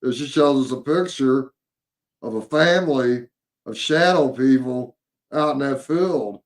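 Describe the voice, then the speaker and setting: Gravelly man telling a story. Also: mid-range voice. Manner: halting, many fillers and repeated words. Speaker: paranormal investigator. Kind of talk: casual storytelling chat.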